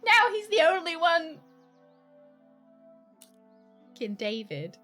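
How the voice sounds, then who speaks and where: A woman's voice: very high voice, big pitch swings, normal speed, pushed and bright, soft background music. A woman streamer chatting playfully and laughing often during a gameplay stream. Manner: giggly, chatty and playful, talks to chat. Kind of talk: casual gameplay commentary.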